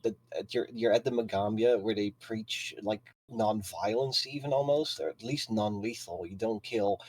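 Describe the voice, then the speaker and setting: A man's voice: fairly low pitch, normal speed, a little mellow, slightly rough, poor audio. A man playing a tabletop game, stammering through restarts while finding things funny. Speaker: player.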